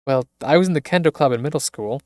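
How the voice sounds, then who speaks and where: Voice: medium pitch, fast, dry recording, studio quality, close to an everyday voice. A streamer with a Scottish accent voicing a blunt, cool-sounding teen girl. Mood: calm. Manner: blunt, deadpan.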